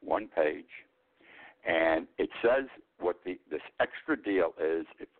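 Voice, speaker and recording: Older man in his eighties, blunt and rambling, lively low voice, tinny phone-like sound. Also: takes it slowly. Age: 80s. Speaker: host. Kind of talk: political commentary monologue.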